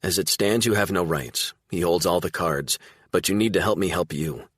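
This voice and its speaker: A man voicing a tough, no-nonsense woman police detective who speaks firmly and briskly in an audiobook. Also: sits low, a bit bright, breathy edge, no echo, studio quality. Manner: firm, brisk.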